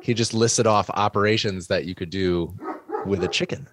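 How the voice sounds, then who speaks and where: Deep-voiced man making a confident case. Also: fairly even intonation, normal speed, noisy background. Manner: confident, persuasive. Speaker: farmer arguing for chickens. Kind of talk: debate argument.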